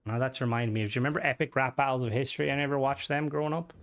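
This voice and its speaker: A man's voice: medium pitch, fairly even intonation, racing, fairly bright tone. A male game streamer chatting casually and profanely with his viewers while he plays. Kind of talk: casual live-stream chat.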